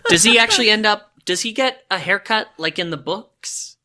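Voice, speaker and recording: A woman in a casual podcast chat, adding quick, chatty asides. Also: mid-range voice, animated, sharp tone.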